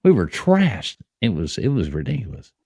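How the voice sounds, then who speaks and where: Male host, casual storyteller, animated pitch, dry close sound. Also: normal speed, gravelly, breathy edge, no echo. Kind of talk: casual chat on a live stream.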